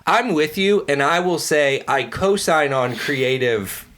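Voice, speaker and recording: A man's voice: fairly high pitch, expressive, slow pace, a bit bright. A man co-hosting a podcast, chatting casually and agreeably about a movie and laughing often. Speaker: podcast co-host. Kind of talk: casual comedy movie-review chat.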